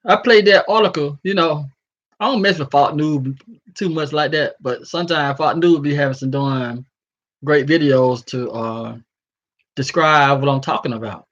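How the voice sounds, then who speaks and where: A man in a casual vlog, ranting loosely and stumbling over a word now and then, with a voice a little high for a man. The audio is dull and lo-fi. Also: moderate pace. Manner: animated, freestyling rant with stumbles over words. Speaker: vlogger. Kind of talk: casual commentary and article reading.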